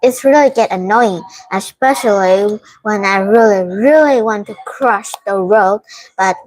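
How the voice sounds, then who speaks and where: A young woman student with a Vietnamese accent practicing spoken English in an online lesson, halting and hesitant. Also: mid-range voice, poor audio.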